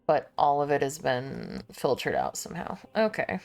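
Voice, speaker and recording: A young woman streamer chatting casually to her viewers while she shops online, thinking out loud and laughing often. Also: rumbling low, huge pitch swings, moderate pace, vocal fry.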